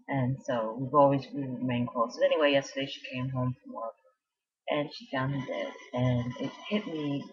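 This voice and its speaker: On a dull lo-fi recording, a vlogger with an extremely low, husky voice rambles casually. Her story wanders, full of asides and false starts.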